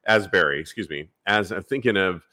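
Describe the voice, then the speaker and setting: A man's voice: deep voice, a little fast, pushed and bright. A man from San Francisco hosting a live podcast, upbeat as he reads listener emails and announcements. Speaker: podcast host.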